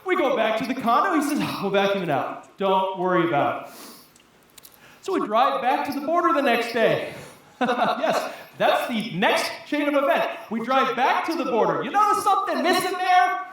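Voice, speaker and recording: A woman telling a comic story on stage, animated and laughing often. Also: high-pitched, moderate pace. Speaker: storytelling contestant. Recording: echoey hall from a distance.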